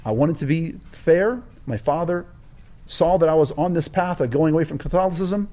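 A man with a fairly high, mellow voice speaks at an ordinary pace. He's a guest in an interview recounting his own life, driving home key words with the emphatic rhythm of a preacher.

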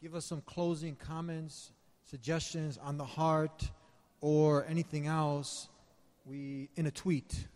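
A man's voice: fairly high pitch, level tone, slow pace, darkish tone. A man hosting a live talk show at a conference, wrapping up with an upbeat promotional sign-off. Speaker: host. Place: conference hall. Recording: long reverb of a conference hall.

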